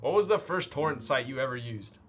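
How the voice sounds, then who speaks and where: A man's voice: medium pitch, expressive, fairly quick, soft background music. A man streamer talking casually while building a keyboard, rambling and playful, with lots of fillers. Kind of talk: casual live-stream chat.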